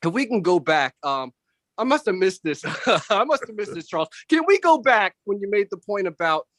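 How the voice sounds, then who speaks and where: Guy doing stand-up on a zoom call from home, kinda high voice, super dry close sound. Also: normal speed, no echo. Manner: animated, does voices of family and coworkers. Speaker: stand-up comedian. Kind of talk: stand-up comedy on a video call. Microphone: computer mic on a video call.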